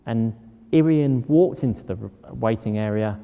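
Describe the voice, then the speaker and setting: A man's voice: on the low side, a little slow, creaky, dark tone, smooth. A man giving a talk, telling personal stories in a plain, anecdotal way. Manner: anecdotal, plain-spoken storyteller. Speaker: public speaker. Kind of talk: storytelling talk. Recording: long hall reverb.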